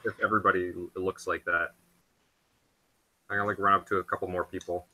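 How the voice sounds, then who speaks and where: Very bright-voiced hesitant man. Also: low-pitched, little pitch movement, brisk. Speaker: player. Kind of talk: casual tabletop play.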